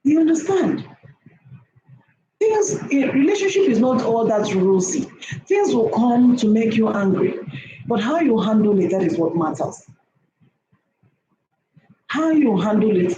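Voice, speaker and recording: A woman's voice: a little high, expressive, measured pace, pauses often, warm tone. A woman giving preachy relationship advice to women, emphatic and repetitive, often checking in with her listeners. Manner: emphatic, repeats herself, keeps checking in with "okay?". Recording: echoey room with faint noise.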